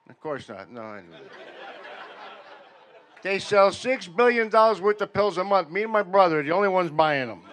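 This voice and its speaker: A man doing a stand-up comedy set in a veterans' hall, telling deadpan stories that build louder toward each punchline. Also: sits high, moderate pace, a faint crowd. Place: veterans' hall function room.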